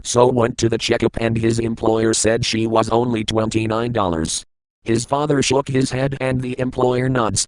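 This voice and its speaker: Guy reading a kids book out loud in a hotel room, halting, kinda flat delivery, dry close sound. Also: medium pitch, no echo, rough recording. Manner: plain, halting reading with grammar slips. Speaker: vlogger reading picture books aloud. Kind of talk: reading a children's story aloud.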